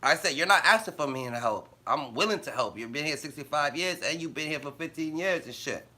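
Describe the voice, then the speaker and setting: On a casual live stream, a man rants and tells blunt, profane stories in slang, laughing often as he goes. His voice is a little high, animated, and fairly quick, with a sharp tone.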